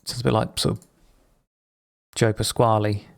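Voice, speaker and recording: Gravelly streamer, sweary. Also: male voice, on the low side, little pitch movement, normal speed. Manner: rambling, sweary, jokey. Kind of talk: casual live-stream chat while gaming.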